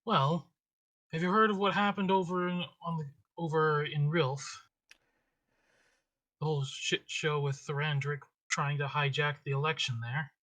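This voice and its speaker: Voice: medium pitch, fairly even intonation, unhurried, a bit bright. Casual tabletop player. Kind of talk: casual in-character play.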